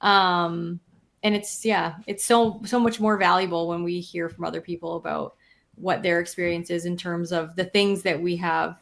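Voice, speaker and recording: A woman's voice: lowish voice, level tone, normal speed, vocal fry, fairly bright tone. A woman co-hosting a podcast, talking in an earnest, thoughtful way with many fillers. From Canada. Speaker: podcast co-host. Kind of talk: casual chat.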